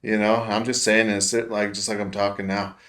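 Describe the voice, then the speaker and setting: Male podcast co-host, relaxed storyteller, heavy cursing, laughs along. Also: fairly low pitch, a little fast. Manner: laid-back storyteller, swears a lot, laughs while telling. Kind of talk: casual podcast chat.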